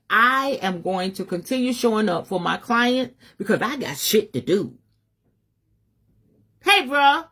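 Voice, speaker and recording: A middle-aged woman with a medium-pitched, fairly bright, slightly rough voice delivers a live message as a spiritual advisor. She speaks in African American Vernacular English with a fiery, emphatic preacher's cadence and swears freely.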